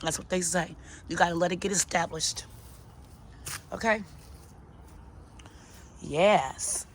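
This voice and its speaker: A woman's voice: fairly low pitch, slow. Woman, middle-aged, sassy, chatty, outdoors, faint background noise. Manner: chatty, sassy, talks to herself and her plants. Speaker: gardening vlogger. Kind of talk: casual garden tour chat. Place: outdoor home garden.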